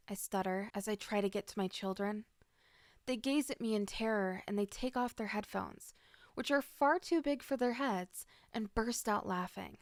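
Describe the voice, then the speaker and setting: A woman's voice: medium pitch, normal speed, no room sound. Woman, story narrator, emotional dramatic delivery, dry close voice. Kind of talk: first-person story narration.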